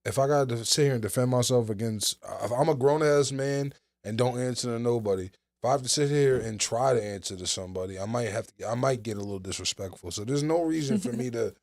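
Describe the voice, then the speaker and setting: A man's voice: mid-range voice, fast talker, few pauses, darkish tone. A young man hosting a casual podcast chat into a studio mic, rambling with lots of restarts and fillers. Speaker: podcast host.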